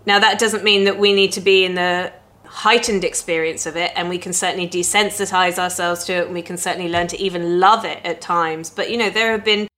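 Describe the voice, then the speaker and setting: A woman's voice: fairly low pitch, steady tone, a little fast, sharp tone. A woman speaking in a candid, reflective personal monologue, chatty and openly swearing now and then. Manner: candid, conversational, swears casually.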